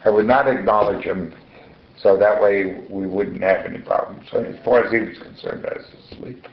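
Older man, low gravelly voice, halting and repetitive, muffled echoey room recording. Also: steady tone. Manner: halting, repeats words, trails off. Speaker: interviewee. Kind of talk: recorded interview at home. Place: front room of his home.

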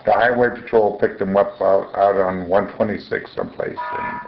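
An older man being interviewed in the front room of his home, halting and repeating his words as he recounts events. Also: sits low, steady tone, music in the background. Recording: muffled, echoey room recording.

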